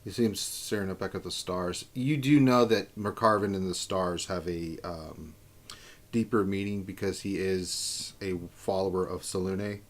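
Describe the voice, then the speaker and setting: Low-pitched man, DM narration, relaxed and halting. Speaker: dungeon master. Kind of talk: narrating a tabletop game.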